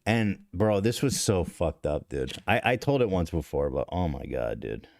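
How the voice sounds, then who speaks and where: A man's voice: deep voice, sing-song, moderate pace, gravelly, darkish tone, dry recording. A man in his thirties hosting a podcast, telling a story in a rambling, profane, self-interrupting way. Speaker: podcast host. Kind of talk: casual confessional storytelling.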